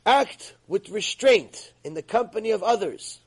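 A man's voice: high voice, expressive, measured pace, husky, rough recording. A man teaching a religious ethics lecture in an emphatic, scolding way. He acts out the voices he quotes. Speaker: Torah teacher.

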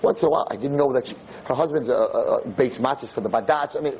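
Husky rabbi telling animated stories. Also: male voice, fast talker, few pauses, low-quality recording. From New York. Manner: animated, jumps high when quoting people. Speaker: rabbi giving a talk. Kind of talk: storytelling Torah talk to a live audience. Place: room with an audience.

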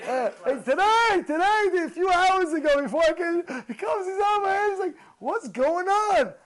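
A man, a rabbi, giving an animated storytelling Torah talk, repeating his phrases and mixing in Hebrew terms. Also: extremely high pitch, moderate pace, low-quality recording.

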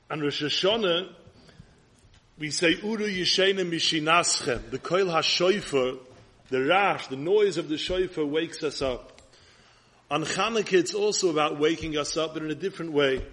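A man with an Ashkenazi Hebrew pronunciation giving an earnest sermon as a rabbi, his voice husky. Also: fairly high pitch, normal speed, long pauses, fairly bright tone.

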